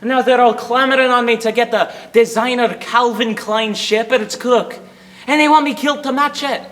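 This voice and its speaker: A man's voice: very high-pitched, steady tone, moderate pace, a bit bright. A young man playing a grumbling, self-pitying Scottish shepherd in a put-on Scottish accent, performing a humorous interpretation piece. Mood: ranting. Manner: ranting, self-pitying, theatrical. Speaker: student competitor.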